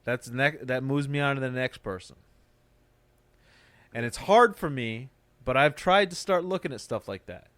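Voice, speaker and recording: A man's voice: medium pitch, normal speed, pauses often, a bit bright, no echo. A man who does stand-up, hosting a podcast and ranting in a casual, profane, motivational way. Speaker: podcast host; stand-up comic. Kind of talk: casual chat.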